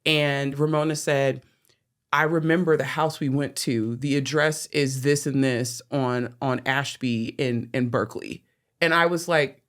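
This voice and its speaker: A woman genealogist, a podcast guest, telling a family story in lively conversation, quoting others and saying "like" often. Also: very deep voice, measured pace. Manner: animated, full of "like" and quoted dialogue.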